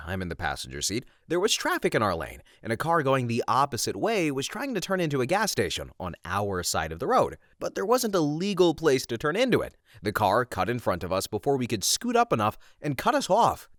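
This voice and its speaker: A man reading stories aloud with lively, expressive narration and his own comments between them. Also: medium pitch, no room sound, studio quality. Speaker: story reader.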